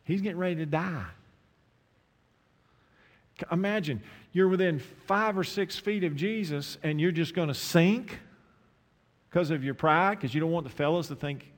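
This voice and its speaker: A man preaching a sermon, emphatic, swinging from loud pointed questions to low, intimate asides. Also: normal speed, pauses often, long reverb tail.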